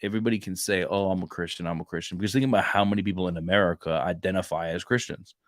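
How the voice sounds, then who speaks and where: Speaking low and rapid-fire with fairly even intonation, this man comes through in studio quality without echo. A podcast co-host and Marine reservist, he rambles through stories on a casual faith show, performing the dialogue as he goes.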